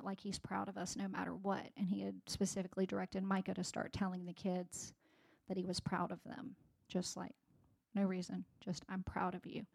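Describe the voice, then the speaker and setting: Gravelly-voiced woman giving a sermon. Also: medium pitch, a little mellow. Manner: conversational, many fillers and restarts. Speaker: speaker at a church gathering. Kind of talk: sermon-style personal talk.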